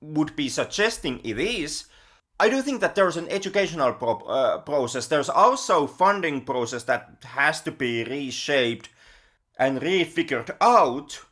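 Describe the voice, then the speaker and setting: A man co-hosting a podcast, speaking haltingly and restarting words as he thinks aloud. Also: a little high, lively intonation, fairly bright tone. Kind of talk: casual film discussion.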